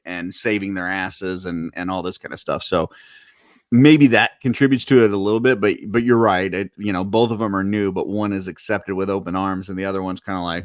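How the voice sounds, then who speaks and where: Male co-host, lowish voice, dry close sound, easygoing and blunt, lots of fillers. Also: no room sound. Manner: relaxed, blunt, many fillers like "you know". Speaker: podcast co-host. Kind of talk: casual fan podcast chat.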